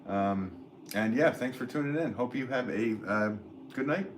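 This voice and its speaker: An American man in his forties, a potter chatting casually on a livestream and reading viewer comments in a rambling, relaxed way. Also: medium pitch, normal speed, a little hiss or hum, low-quality recording. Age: 40s. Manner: rambling, relaxed, filler-heavy talk with laughs. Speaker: potter streaming live.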